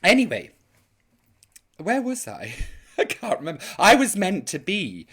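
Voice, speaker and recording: A woman's voice: medium pitch, wildly swooping pitch, a little slow, husky. A woman hosting a live online chat show, camp, theatrical and gossipy in her comic banter.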